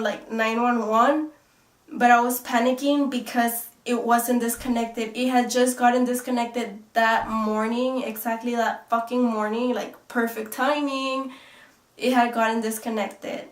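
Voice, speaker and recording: A woman's voice: fairly high pitch, level tone, unhurried, distant mic. A young woman vlogger telling a story in a rambling way, full of fillers and swearing. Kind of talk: casual storytelling. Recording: echoey room, off-mic.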